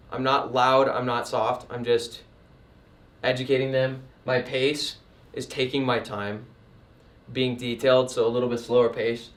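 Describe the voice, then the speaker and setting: A man teaching sales in a casual, conversational way, emphatic and lively as he walks through examples. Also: mid-range voice, reverberant. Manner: conversational and emphatic, acts out customer types. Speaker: sales trainer and painting business owner. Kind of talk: casual instructional talk. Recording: voice a bit distant from the mic.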